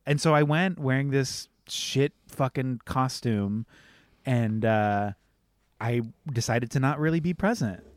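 Animated young man telling a story. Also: mid-range voice, unhurried, no room sound, studio quality. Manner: animated, expressive storytelling with swearing. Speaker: podcast co-host. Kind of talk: casual chat.

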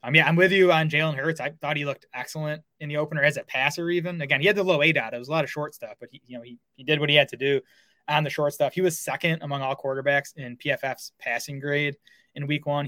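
A man's voice: on the high side, fairly even intonation, sharp tone, dry recording. A man co-hosting a fantasy football podcast, chatting casually with lots of fillers and restarts. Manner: fast, filler-heavy talk with restarts. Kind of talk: casual sports analysis chat.

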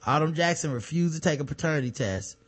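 A man's voice: a little high, animated, quick pace. Sarcastic man reading news on a podcast. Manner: sarcastic, profane commentary between read-out news items. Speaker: podcast co-host. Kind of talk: casual podcast chat reading news aloud.

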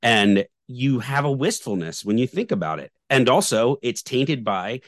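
A man's voice: medium pitch, expressive, moderate pace, no room sound, clean studio sound. A man co-hosting a podcast, talking casually and turning reflective when he makes a longer point. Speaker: podcast co-host. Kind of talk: casual chat.

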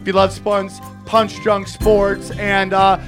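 High-voiced, swearing comedian telling stories. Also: male voice, takes it slowly, music in the background. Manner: animated storyteller, swears freely, acts out quotes. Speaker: stand-up comedian guest. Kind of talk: casual storytelling chat.

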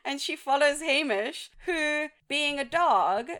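A woman's voice: sits high, animated, slow pace, a bit bright. A woman co-hosting a casual film podcast, speaking frankly and recapping the plot plainly. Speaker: podcast co-host. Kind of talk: casual chat.

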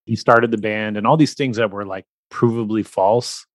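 A man's voice: lowish voice, fairly even intonation, moderate pace, dry recording, studio quality. A man hosting a podcast, thinking aloud in casual chat. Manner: thinks aloud with fillers and restarts. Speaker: podcast host.

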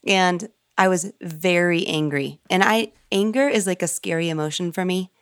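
A woman's voice: fairly low pitch, clear, resonant tone, no echo, studio quality. A woman sharing a personal story in an earnest, emotional way during a conversation. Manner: earnest, emotional, quick bursts.

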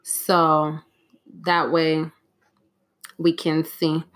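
A woman's voice: sits low, completely flat delivery, very slow. A woman hosting a solo podcast, talking casually in a rambling, scattered way with frequent restarts, audibly frustrated and flustered. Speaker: podcast host.

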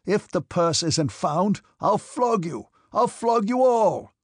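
A man's voice: medium pitch, sing-song, slow pace, darkish tone, slightly rough, no echo, clean studio sound, full character voice. A man voicing a hot-tempered hussar officer who bellows his words and lisps slightly. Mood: raging. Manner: bellowing, furious.

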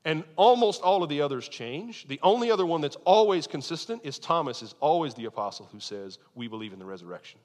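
A man preaching a sermon as pastor, earnest, leaning into key phrases and slowing down for emphasis. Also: on the high side, big pitch swings. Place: church sanctuary. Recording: long reverb of a large hall.

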